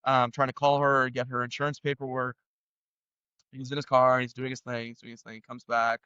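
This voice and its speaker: A young Canadian man telling a story casually as an interview guest, animated and acting out the voices of the people in it. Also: medium pitch, a little fast, clean tone, no room sound, lo-fi sound. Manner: animated, acts out others' voices in quotes.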